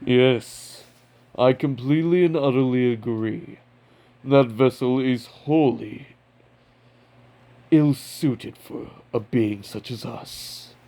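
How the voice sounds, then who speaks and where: A man voicing a menacing, haughty ancient demon king who talks slowly and coldly. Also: medium pitch, dark tone. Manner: slow, cold, contemptuous.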